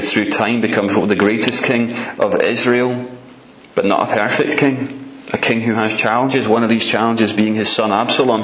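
A man preaching a sermon, telling the story calmly and then pressing his point with raised, pleading emphasis. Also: on the low side. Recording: roomy echo.

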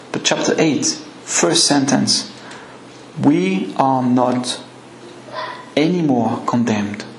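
A man's voice: mid-range voice, reverberant, slight background noise, low-quality recording. A man with a French accent preaching an earnest, emphatic sermon. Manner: earnest, emphatic, slow and deliberate.

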